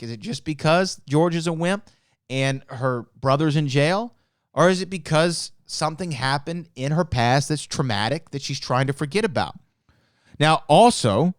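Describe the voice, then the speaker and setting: A man's voice: on the high side, no echo. Man ranting on a podcast, close dry sound. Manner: exasperated, ranting rebuttals with rising indignation. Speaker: podcast host. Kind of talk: solo podcast commentary.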